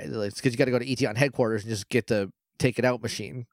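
A man co-hosting a podcast, retelling a movie in a rambling, joking way and acting out its lines in quick quoted voices. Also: medium pitch, steady tone, no room sound, clean studio sound. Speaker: podcast co-host. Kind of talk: casual movie recap chat.

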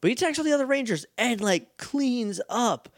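A man's voice: very high voice, animated, normal speed, dry recording, studio quality. A man co-hosting a podcast, chatting casually as he recaps an episode and slips into playful quotes. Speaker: podcast co-host.

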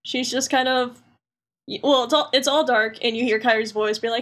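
A young woman co-hosting a casual podcast, chatty and quick to laugh. Her voice sits somewhat higher than most women's. She tells her recaps in a loose, playful way. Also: fairly even intonation, a bit bright. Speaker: podcast co-host. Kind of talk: casual chat.

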